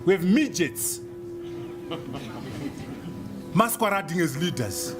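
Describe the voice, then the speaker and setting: A man's voice: on the high side, big pitch swings, measured pace, over music. A man from Zimbabwe giving an emphatic, rhetorical public speech, repeating key phrases for effect. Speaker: speaker.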